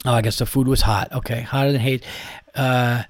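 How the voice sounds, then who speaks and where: A man's voice: mid-range voice, flat delivery, moderate pace, no echo. A man in his thirties hosting a podcast, ranting in a profane, exasperated comic monologue and mimicking other people. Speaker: podcast host.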